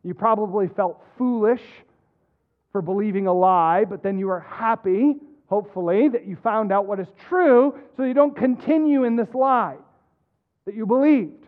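A middle-aged man preaching a sermon as pastor, earnest and halting, often restarting his words. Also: sits high. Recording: tinny phone-like sound.

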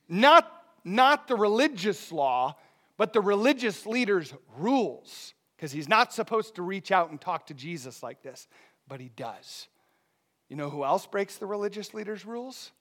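High pitched guy preaching, gets quiet then booms. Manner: dynamic preaching, dropping soft then rising loud. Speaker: pastor. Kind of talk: sermon.

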